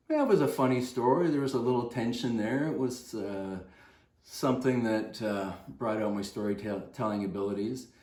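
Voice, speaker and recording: A man's voice: mid-range voice, a little mellow, roomy sound. An older man, a fitness coach, telling a rambling anecdote to the camera in a casual way, with many fillers and restarts.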